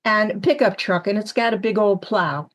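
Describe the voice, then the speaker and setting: Woman storyteller from upstate New York, lively with the quoted voices. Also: medium pitch, moderate pace. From Syracuse, New York area. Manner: animated storyteller acting out quoted lines. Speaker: medium, panel guest. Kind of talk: storytelling on a panel podcast.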